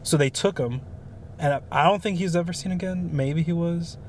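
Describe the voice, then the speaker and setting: A man's voice: a little high, fairly quick, a little hiss or hum. A young man co-hosting a podcast, telling stories in a rambling, casual way with lots of fillers. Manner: rambling storyteller with many fillers. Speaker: podcast co-host. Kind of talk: casual chat.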